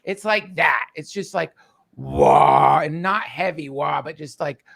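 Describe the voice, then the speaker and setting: Man, high pitch, gravelly, emotional, halting storytelling, fillers. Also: pushed and bright. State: tearful. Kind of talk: casual storytelling.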